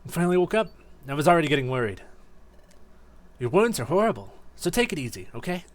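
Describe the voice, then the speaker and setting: A man voicing a kind female psychic healer creature from a game, gentle and chatty. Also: fairly high pitch, big pitch swings, quick pace, voice pushed up. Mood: caring. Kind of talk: voicing game dialogue on stream.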